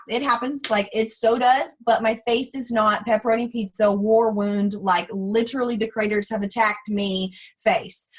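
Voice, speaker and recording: A woman's voice: fairly high pitch, husky, low-quality recording. A woman in her thirties with a drawl, giving a frank, chatty motivational talk to a sales team. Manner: chatty, frank and animated, acts out quoted voices. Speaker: guest speaker for a sales team.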